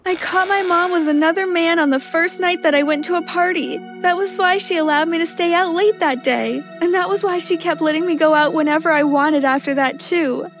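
A woman's voice: high-pitched, lightly acted. A woman voicing an angry, distraught young sister and a bitter mother, with emotional, accusing outbursts.

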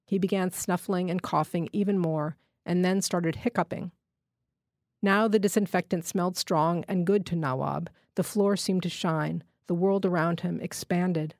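A woman reading a literary short story aloud in a measured, steady way. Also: on the low side, no echo, studio quality. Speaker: fiction reader.

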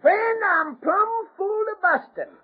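An actor playing a slow, simple old male Civil War veteran with a high, drawling twang, in a 1930s radio drama. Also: animated, heavily acted. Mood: contented. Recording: narrow lo-fi 1930s radio broadcast.

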